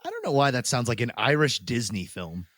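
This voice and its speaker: A man's voice: medium pitch, very animated, fairly quick, fairly bright tone, dry recording, studio quality. A man hosting a podcast in casual chat, joking and laughing often. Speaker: podcast host.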